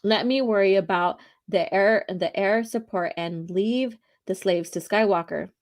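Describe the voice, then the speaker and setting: A woman's voice: medium pitch, unhurried, natural voice. A woman reading the lines of a stern male rebel captain from a comic, with only small lifts in her voice and a few stumbles. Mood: urgent.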